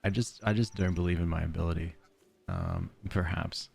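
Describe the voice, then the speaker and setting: A man's voice: low voice, fairly even intonation, moderate pace, creaky, darkish tone, faint music behind. An Australian man streaming a game, chatting casually with his viewers in a rambling, self-deprecating way and chuckling often. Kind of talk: casual let's-play chat, reading chat aloud.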